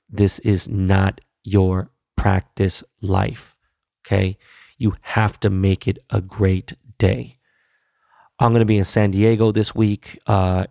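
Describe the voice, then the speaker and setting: A man's voice: fairly low pitch, vocal fry, a little mellow, no room sound, clean studio sound. A man hosting his podcast in a casual solo wrap-up, talking loose, blunt and profane with laid-back slang. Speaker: podcast host.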